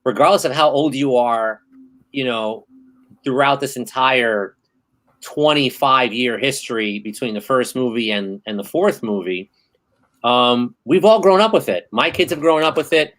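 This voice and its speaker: A man in his thirties hosting a casual podcast chat, telling stories in an animated, excitable way. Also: mid-range voice, measured pace, rough recording. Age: 30s. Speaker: host.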